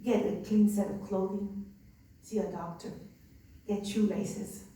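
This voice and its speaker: A woman's voice: medium pitch, steady tone, a little slow, dark tone. A nun telling stories of her migrant respite center in an earnest, conversational way. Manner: earnest, conversational with many fillers. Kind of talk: personal storytelling. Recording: echoey room from far off, faint ambience.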